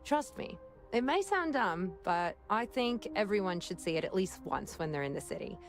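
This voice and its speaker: A woman's voice: medium pitch, animated, moderate pace, creaky. An actress playing a friendly, talkative young city woman who worries about her brother, in a video game. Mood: enthusiastic. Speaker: game character. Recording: game audio with music behind.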